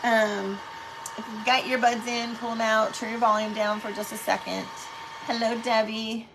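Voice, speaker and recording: A woman's voice: fairly high pitch, little pitch movement, moderate pace, background noise. A middle-aged woman hosting a casual live craft stream at home, chatting with viewers and greeting them by name.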